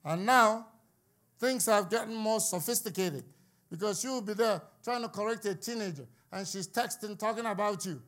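A high-pitched man delivers a sermon to his congregation. He preaches with fervor, climbs to near-shouts on his key points, and breaks it up with playful jokes. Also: measured pace, long pauses. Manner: impassioned, building to shouts, with joking asides.

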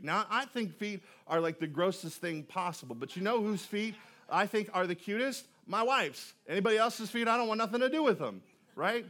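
A pastor preaching a sermon in a relaxed, joking, conversational way, often repeating words as he starts a sentence. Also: high voice. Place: church auditorium.

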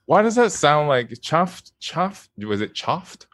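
A man's voice: fairly high pitch, very animated, measured pace, a bit bright, no room sound, clean studio sound. A man guest voice actor in a casual interview chat, laughing often and speaking hesitantly with many fillers.

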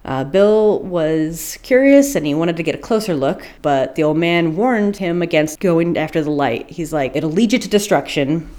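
Woman with a lowish voice, rambling casually. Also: expressive, normal speed, hardly any pauses, mellow. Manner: rambling, swears and laughs at herself. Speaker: podcast co-host. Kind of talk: casual storytelling chat.

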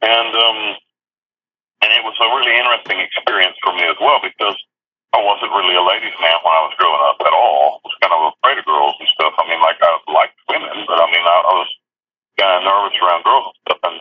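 Guy rambling fast over a tinny phone line, husky voice, lots of restarts. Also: low-pitched. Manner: rambling, many restarts and fillers, crude. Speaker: storyteller recounting prison life. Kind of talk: casual spoken anecdote. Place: prison. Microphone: telephone.

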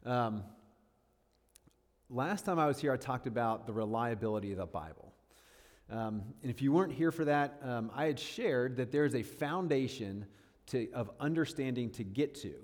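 A chatty man in his thirties gives a casual sermon-style talk, mid-pitched, often checking in with his listeners. His voice carries a long reverb from a large hall. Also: expressive, normal speed, darkish tone. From northern New York State. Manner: chatty and self-deprecating, lots of fillers and checks. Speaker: guest speaker.

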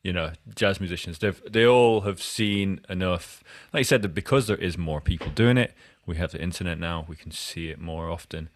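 A man's voice: sits low, normal speed, few pauses, no echo. A Scottish man hosting a podcast interview, talking in a loose, rambling way with many restarts. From Scotland. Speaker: podcast host. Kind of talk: casual interview chat.

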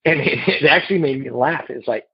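Man, recovery share, halting and earnest, husky voice, dry muffled phone sound. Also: mid-range voice, no echo. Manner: halting and earnest, with repeated restarts. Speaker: speaker at a recovery meeting. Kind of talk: personal recovery story told to a group.

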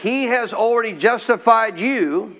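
A man's voice: extremely high pitch, unhurried, fairly bright tone. A man preaching a sermon to a congregation, emphatic, often asking them questions and having them repeat after him. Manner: emphatic call-and-response preaching, quizzing the congregation. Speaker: pastor.

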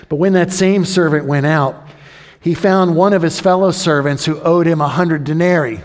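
Animated preacher in a reverberant hall. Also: male voice, a little high, moderate pace. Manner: animated, acts out the crowd and king in raised voices. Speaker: pastor. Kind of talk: sermon.

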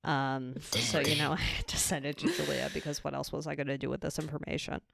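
Woman, podcast co-host, loud, teasing, casual chat, low-pitched, dry close sound. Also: little pitch movement, brisk, creaky, no room sound, faint music behind.

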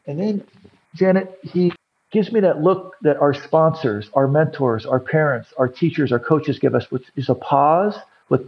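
Gravelly, husky man telling a story. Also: fairly high pitch, measured pace, muffled recording. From California. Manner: animated storyteller acting out other people's lines. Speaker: podcast guest, recovery coach. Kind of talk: storytelling in an interview.

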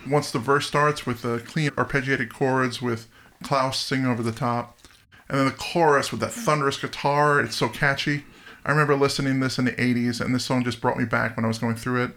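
Middle-aged man, co-host, casual music chat, chatty, gravelly voice, mid pitch. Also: fairly even intonation, pushed and bright. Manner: chatty, reminiscing, quick to laugh.

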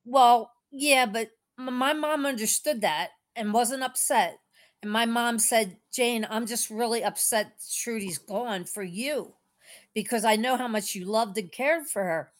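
A woman's voice: fairly high pitch, a little slow. A middle-aged woman on a call-in faith program, telling a personal story in a rambling, tender, meandering way. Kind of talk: casual emotional storytelling.

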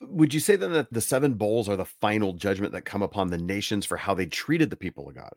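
A man's voice: fairly low pitch, animated, fast, dry recording, studio quality. A man co-hosting a casual scholarly Bible discussion, cutting in with questions and then building his own point. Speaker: co-host.

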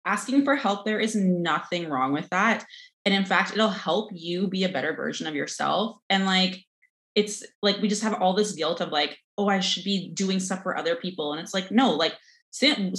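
A woman nutrition coach chatting casually, quick and loose, with lots of "like." Her voice sits at a middling pitch. The room around her echoes noticeably. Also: fairly bright tone. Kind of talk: casual chat.

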